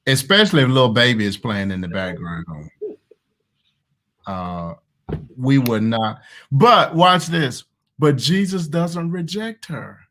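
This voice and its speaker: A man's voice: medium pitch, animated, slow pace, long pauses, a bit bright. A man with a Southern American accent, a pastor preaching conversationally over a video call and hammering key words through repetition. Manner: emphatic, repeats key words. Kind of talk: conversational online sermon.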